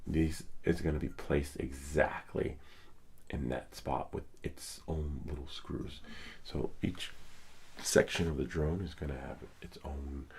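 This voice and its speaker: Man, hoarse and very low-pitched with a gravelly rasp, rambling casual streamer chat. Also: a little mellow, slight background noise. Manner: rambling, thinking aloud with many fillers. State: hoarse, losing his voice. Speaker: live streamer.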